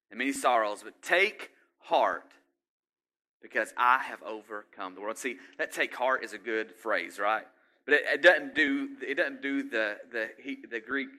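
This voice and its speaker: A middle-aged man preaches in a chatty, conversational way and keeps putting questions to his listeners. His voice is bright and forceful, and his pitch sits in the middle of the range. Now and then he builds to loud, driving exhortation. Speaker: pastor. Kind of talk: sermon.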